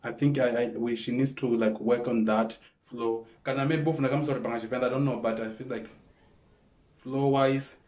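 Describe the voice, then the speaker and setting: A man's voice: mid-range voice, fairly even intonation, a little mellow. Hesitant South African man reacting to music. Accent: South African, Venda. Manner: hesitant, code-switching, many pauses and fillers. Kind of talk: casual reaction commentary.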